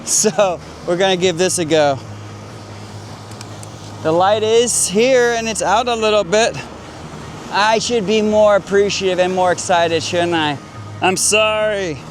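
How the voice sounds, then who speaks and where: A photographer vlogging outdoors on a rocky coast, a man talking to himself in an exclamatory, self-deprecating way. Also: sits high. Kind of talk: casual vlog talk on location.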